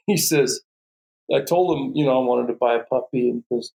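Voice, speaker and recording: A man's voice: medium pitch, moderate pace, gravelly, darkish tone. A man, a guest falconer, telling stories in a podcast conversation and often laughing. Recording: roomy echo.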